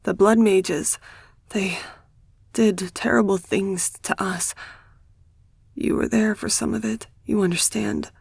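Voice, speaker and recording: Gentle older woman, soothing, hushed, unhurried, woman narrator doing her, dry studio. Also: mid-range voice, steady tone, vocal fry, slightly rough, no echo, exaggerated voice. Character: gentle older woman, a kindly former teacher. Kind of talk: audiobook character dialogue.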